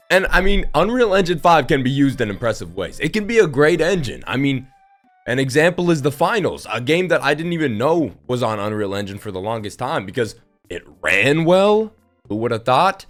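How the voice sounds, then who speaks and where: A man's voice: mid-range voice, fairly bright tone. A young man giving casual, sarcastic spoken commentary, who swears freely while riffing on his opinions. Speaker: gaming video creator.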